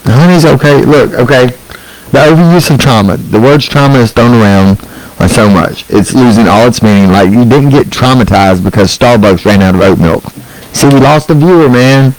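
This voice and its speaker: A man's voice: mid-range voice, moderate pace, rough recording. A middle-aged man hosting a solo online show, ranting bluntly and profanely, rambling with restarts and asides.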